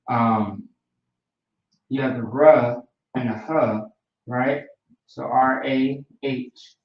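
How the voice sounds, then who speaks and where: Guy teaching a class, laid back, lots of "you know" and "right?", sounds far off in a roomy classroom. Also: mid-range voice. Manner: relaxed, repeats fillers like "you know" and "right?". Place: classroom, writing on a board. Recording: roomy, distant, dull lo-fi sound.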